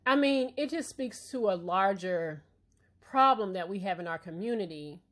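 A woman's voice: medium pitch, lively intonation, moderate pace. A woman who is a parent hosting a casual opinion commentary, talking bluntly and emphatically and often checking in with her listeners. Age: adult parent. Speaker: commentary channel host.

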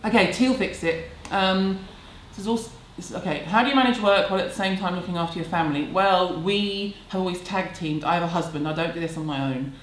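A woman's voice: on the low side, a little fast, hardly any pauses. A woman, answering viewer questions at home in a candid, chatty, self-deprecating way. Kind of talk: casual chat. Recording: echoey room, faint background hum.

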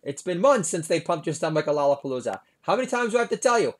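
A man putting on a loud, exaggerated impression of a laid-back former male president in a comedy bit. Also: on the high side, sing-song, quick pace, pitched above the performer's own voice. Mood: mocking impression.

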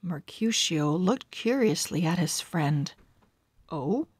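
Slow, calm woman reading a children's book. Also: lowish voice, no echo. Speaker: storyteller. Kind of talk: children's book read-aloud.

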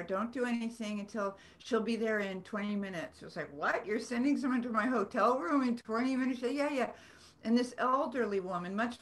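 A woman's voice: mid-range voice, fairly bright tone. A woman, an author telling rambling, earnest stories with self-deprecating humor on a video call. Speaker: author guest. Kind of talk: storytelling in a video-call book club.

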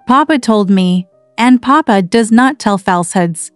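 A woman voicing an impulsive, warm-hearted teenage girl who speaks earnestly and flares up quickly, read over faint music. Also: mid-range voice, no echo, close to an everyday voice.

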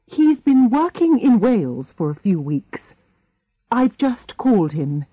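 An anxious, fluttery woman speaks breathlessly with a leaping pitch, as a woman narrator puts her on. The storybook recording sounds dull and dry. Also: very animated, slow pace, husky, no echo, full character voice.

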